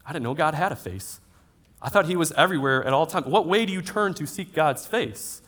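Animated male preacher with dynamic delivery. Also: a little high, fairly quick. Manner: animated preaching with sudden loud and soft swings. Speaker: pastor. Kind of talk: sermon. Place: church auditorium. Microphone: handheld or headset mic.

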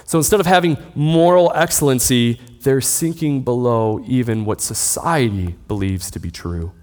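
A pastor in his thirties delivers a sermon with a calm, explanatory manner, often posing questions and then answering them. His voice sits in an ordinary middle register. The recording carries a long, lingering hall reverb. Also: medium pitch, normal speed. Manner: steady teaching tone with rhetorical questions.

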